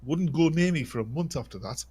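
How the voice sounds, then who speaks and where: A man, telling a casual anecdote in a halting way, repeating words and pausing on uhs. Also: on the high side, lively intonation, warm tone, slightly rough. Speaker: podcast co-host.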